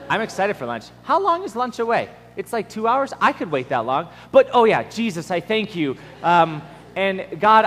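A man's voice: a little high, fairly bright tone. A young man giving a casual, self-deprecating camp sermon, acting out his own distracted prayers. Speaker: camp speaker. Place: camp meeting hall. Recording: long reverb from a hall.

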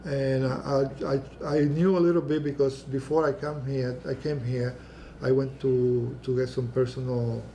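An older man whose first language is Spanish, telling his life story at an oral history panel, halting and restarting often and acting out the people he quotes. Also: medium pitch, little pitch movement, warm tone, a little hiss or hum. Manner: halting, many restarts, acts out quoted voices. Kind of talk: personal storytelling.

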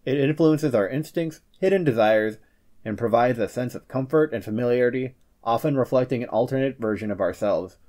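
A man hosting a scripted psychology explainer, reading with playful joking asides and quick comic character voices. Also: medium pitch, warm tone. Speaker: host of a personality-psychology channel.

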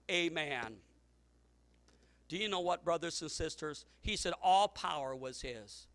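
Man preaching, high voice, bright tone, repeats himself, builds to shouts. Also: lively intonation, measured pace. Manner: storytelling preacher, repeats words, rising to shouts. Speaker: pastor. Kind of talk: sermon.

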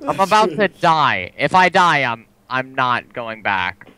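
A man's voice: mid-range voice, sing-song, a little slow, bright, forceful tone. A young man complaining and cursing in frustration while gaming with a friend. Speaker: gamer. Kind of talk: casual multiplayer gaming chat.

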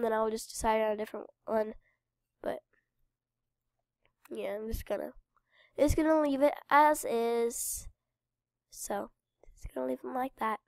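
Stuffed up from a cold, this woman hosts a game channel and chats cheerfully with viewers as she rambles through her gameplay. She speaks fairly high and a little mellow, with gravelly fry trailing off her phrases. The audio is close and dry, lacking any room ambience.

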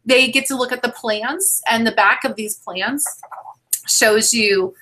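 A woman in her thirties chatting casually over a video call as she presents new children's books, with lots of fillers and quick apologies. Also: fairly high pitch, pushed and bright, poor audio. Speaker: book seller presenting new titles. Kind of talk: casual book showcase.

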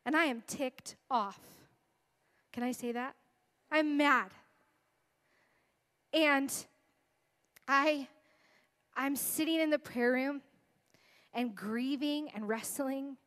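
A woman's voice: high-pitched, takes it slowly, long pauses, fairly bright tone. A woman in her thirties giving an earnest, emotional testimony as a guest speaker in a sermon. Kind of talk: sermon storytelling.

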